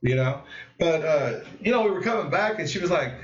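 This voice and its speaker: A man hosting a live stream, telling a story in a rambling, animated way and acting out what others said. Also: a little high, a little fast, recorded from a distance. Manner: rambling, animated, with lots of restarts and acted-out quotes. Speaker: host of a live cannabis stream. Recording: muffled echoey room, voice off-mic.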